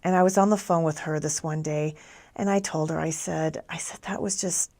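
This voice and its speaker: A woman, a returned missionary, sharing a personal testimony in an earnest, reflective and gentle way. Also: sits low, steady tone, moderate pace.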